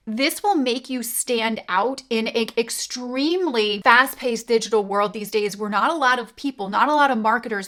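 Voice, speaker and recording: A middle-aged woman from Canada talks straight to camera, coaching on online sales in an upbeat, emphatic, conversational way. Her voice sits a little higher than most women's. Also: fairly bright tone. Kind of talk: direct-to-camera coaching talk.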